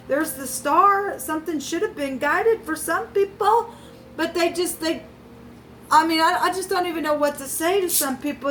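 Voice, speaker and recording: A woman's voice: extremely high pitch, a bit bright, a little hiss or hum, poor audio. A woman giving a tarot reading, urging her viewers with emphatic, repeated exhortations and religious warnings. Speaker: tarot reader.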